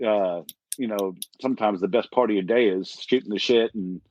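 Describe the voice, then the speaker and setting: A man's voice: fairly low pitch, brisk, darkish tone, dry recording, highs cut off. A man hosting a casual podcast, telling rambling, crude stories about the pest control trade. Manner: rambling storyteller, crude humor.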